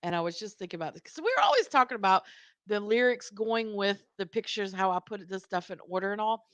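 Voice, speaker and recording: A woman co-hosting a casual live stream from home, speaking slowly with frequent giggles and agreeing murmurs. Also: mid-range voice, sing-song, fairly bright tone, dry recording, highs cut off. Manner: slow-spoken, giggly, lots of agreeing murmurs.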